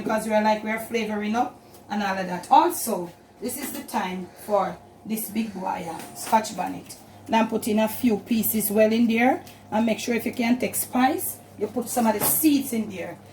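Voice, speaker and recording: This casual cooking demonstration comes from a home kitchen, where a Jamaican-accented woman who runs a cooking channel walks viewers through the steps in a chatty, instructive way, with "and all of that" cropping up again and again. Her voice is a little high and a little mellow, and the low-quality recording carries a slight hiss or hum.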